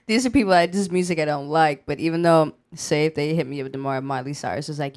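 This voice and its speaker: A woman with a lowish voice chats as a guest on a podcast. She laughs easily and answers in blunt, slangy terms. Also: quick pace, a little mellow. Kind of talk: casual interview banter.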